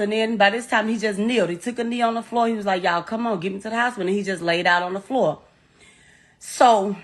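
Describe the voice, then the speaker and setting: Medium in pitch and fairly bright in tone, this middle-aged woman speaks with a Southern US accent. She is the deceased's mother, an interviewee telling a raw, profane, distressed personal story of grief.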